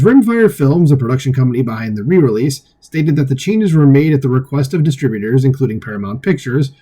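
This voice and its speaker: A man's voice: mid-range voice, mellow. A man hosting his own commentary channel, reading an article aloud and giving blunt, rambling opinions with lots of "uh" and "like". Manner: rambling, restarts often, frequent "uh" and "like"; blunt and openly scornful.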